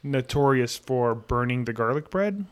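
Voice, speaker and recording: A man's voice: mid-range voice, moderate pace, clear, resonant tone. Easygoing man telling a story. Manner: easygoing storyteller, relaxed with fillers. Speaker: podcast co-host. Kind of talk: casual chat.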